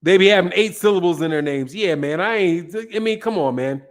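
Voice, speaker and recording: This Chicago man's voice sits high and moves fairly quickly. Hosting a laid-back boxing live stream, he reads comments from viewers and responds emphatically and profanely with plenty of brashness and repetition.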